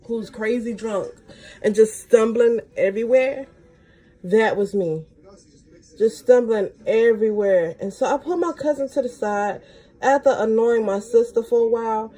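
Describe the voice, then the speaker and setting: A young woman who's a beauty vlogger tells a casual story while doing her makeup, talking a little slowly. Her speech is slangy, and her pitch jumps high when she gets excited.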